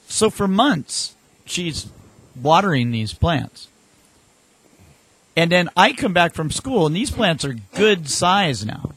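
Male co-host, casual animated storyteller, fairly high voice, dry mic. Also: takes it slowly, breathy edge, dry recording. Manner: animated anecdotes with acted-out quotes.

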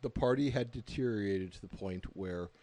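A man's voice: lowish voice, normal speed, dark tone. A man hosting a casual conversation, setting up scenarios and laughing along.

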